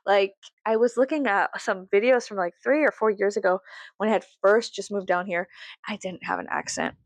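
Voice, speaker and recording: A woman's voice: mid-range voice, normal speed, no room sound. A woman with a Southern US accent, rambling casually to her viewers in a profane, self-mocking way and laughing often. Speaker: YouTuber.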